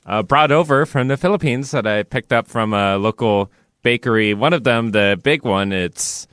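A man in a casual chat who explains things in a steady, detailed way. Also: medium pitch, normal speed, smooth, dry recording, studio quality. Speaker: guest.

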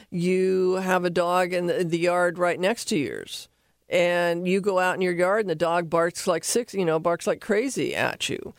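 A woman hosting a radio talk show, giving animated, rambling dog behavior advice from a studio. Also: lowish voice, no echo.

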